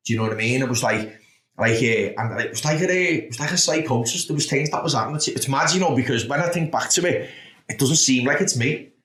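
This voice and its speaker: On a podcast, a thirtysomething man from Liverpool recounts his past bluntly, with plenty of swearing and frequent "do you know what I mean." He's a fast talker with a mid-range, slightly bright voice, recorded with a roomy echo.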